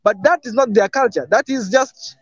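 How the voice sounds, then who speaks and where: A man's voice: very high-pitched, moderate pace, breathy edge, no echo, highs cut off. A man from East Africa arguing his point in a casual panel discussion, emphatic and insistent. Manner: emphatic, argumentative.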